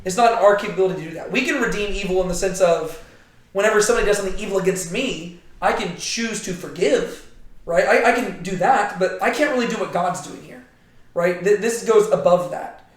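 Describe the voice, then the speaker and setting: A man with a high voice leads a casual Bible study, thinking out loud and tagging his points with "right?". His voice rings around a very echoey room. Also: a little fast. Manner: thinks aloud, constantly checking in with "right?". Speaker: Bible teacher.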